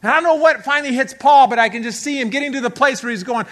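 A male pastor preaching a sermon emphatically. He acts out quotes and swings between hushed and loud delivery. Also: very high-pitched, very fast.

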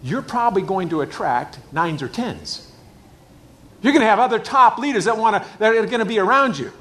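A man's voice: high-pitched, lively intonation, fairly quick, fairly bright tone. A middle-aged man preaching a sermon in a church, emphatic and repeating his key phrases. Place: church hall with a screen.

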